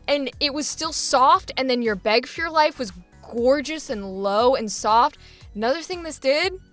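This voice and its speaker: Woman, acting coach, high bright voice, upbeat and laughing, faint music under her. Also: lively intonation, measured pace. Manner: enthusiastic, laughs often, encouraging. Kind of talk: coaching feedback chat.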